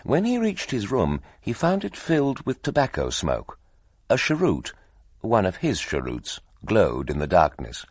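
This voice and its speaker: A man with a fairly low voice narrates an audiobook, reading scripted material in a measured, expressive storytelling style. The recording is studio quality with no echo.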